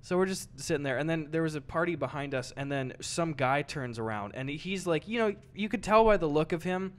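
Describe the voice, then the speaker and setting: Animated, swearing young male podcast host. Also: on the high side, fairly quick. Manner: animated storyteller, swears freely. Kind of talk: casual chat.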